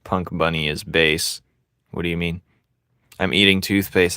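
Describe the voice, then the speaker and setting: A young man chats casually with viewers as he draws live, joking and teasing them between laughs. His voice sits a bit low but sounds bright and forward. The sound is dry and close. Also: little pitch movement, unhurried, clean tone, dry recording. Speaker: streamer drawing live and reading chat. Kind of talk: casual livestream chat while drawing.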